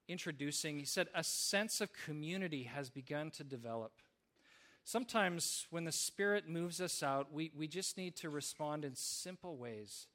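A man's voice: a little high, fairly bright tone. A man preaching a sermon, telling stories in an earnest way with small restarts. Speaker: pastor.

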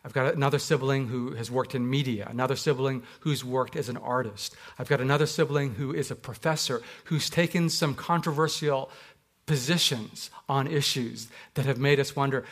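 A man from Canada preaching a sermon as a pastor, telling personal stories in a reflective way and slowing down on key words. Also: mid-range voice, fairly bright tone.

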